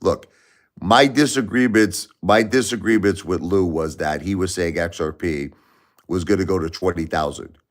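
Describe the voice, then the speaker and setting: A man's voice: deep voice, moderate pace. A man hosting a casual late-night live stream from home, rambling, repeating himself and talking to viewers by name. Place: home at night, family asleep.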